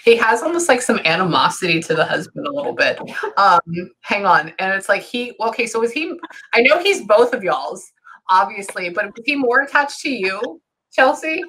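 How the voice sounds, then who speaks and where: Bright, halting woman pet psychic. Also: medium pitch, sing-song, slight background noise, low-quality recording. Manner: halting, keeps pausing with "hang on". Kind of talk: casual reading session.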